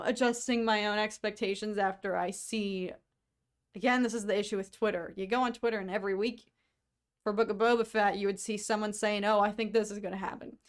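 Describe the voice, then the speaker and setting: A young woman from the United States, co-hosting a podcast, chatting casually to viewers with quick asides and frequent laughter. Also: medium pitch, clear, resonant tone. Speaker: podcast co-host. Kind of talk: casual solo chat to viewers.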